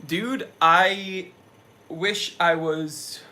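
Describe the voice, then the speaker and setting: A man's voice: high-pitched, steady tone, drawn-out words, bright, forceful tone. A young man hosting a casual live stream, sweaty after a hike, talking with energy as he reads out viewers' chat messages.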